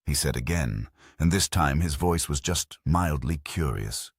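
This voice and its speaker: Very deep husky male storyteller. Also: expressive, no echo, clean studio sound. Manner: measured storytelling delivery. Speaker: audiobook narrator. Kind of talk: reading a mystery novel aloud.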